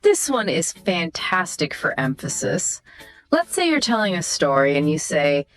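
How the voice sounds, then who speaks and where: A woman's voice: on the low side, very animated, measured pace, a bit bright, faint music behind. A woman co-hosting an educational podcast, explaining and demonstrating example sentences. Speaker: podcast co-host explaining intonation. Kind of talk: scripted educational podcast chat.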